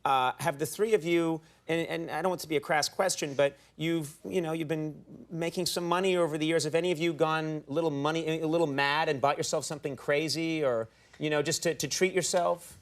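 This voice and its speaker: A man's voice: a little high, fairly even intonation, fairly quick. A man hosting a talk show, joking, stammering through restarts and slipping into silly voices.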